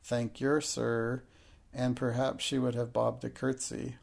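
A man's voice: medium pitch, completely flat delivery, unhurried, gravelly, a little mellow. A man reading a storybook, voicing a sensible little girl who speaks decisively.

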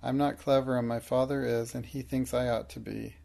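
A man reading the part of a timid, slow-learning plump schoolgirl in a storybook, speaking in a fretful, pleading way. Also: medium pitch, steady tone, creaky, a little mellow, natural voice.

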